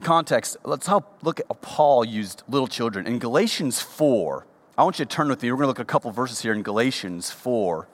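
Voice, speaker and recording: A man preaching a sermon, reading Bible verses aloud and explaining them, his voice climbing high for emphasis. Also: expressive, fairly quick, long reverb tail.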